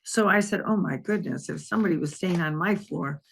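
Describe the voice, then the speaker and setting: A woman's voice: fairly low pitch, fairly quick, gravelly, husky. Older woman telling police stories. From Wisconsin, USA. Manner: rambling, conversational, frequent restarts and fillers. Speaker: interview guest, former police detective. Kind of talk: anecdotal storytelling in an interview.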